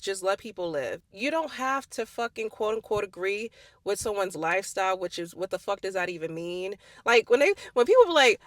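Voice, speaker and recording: A woman's voice: mid-range voice, fairly bright tone, no room sound. A young woman giving a heated, blunt and profane commentary monologue, firing off rhetorical questions. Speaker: commentary vlogger. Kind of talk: impassioned social commentary monologue.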